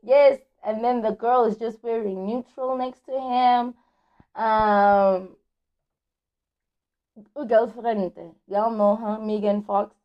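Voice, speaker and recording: A woman's voice: a little high, level tone, takes it slowly, long pauses, highs cut off. A woman hosting a podcast, chatting casually about celebrity gossip in a slangy, chatty way and stretching words out for emphasis. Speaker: podcast host.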